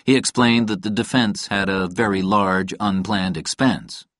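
A man reading a novel aloud in a calm, even storytelling manner. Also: on the low side, unhurried, no room sound, studio quality. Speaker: audiobook narrator. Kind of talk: scripted narration.

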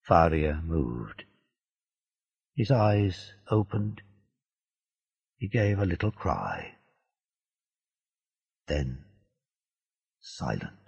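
A man narrating a story in a slow, deliberate storybook reading. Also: deep voice, sing-song. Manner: slow, gravelly, dark-toned reading. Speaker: audiobook narrator. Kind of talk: scripted narration of a graded reader. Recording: dull lo-fi dry recording.

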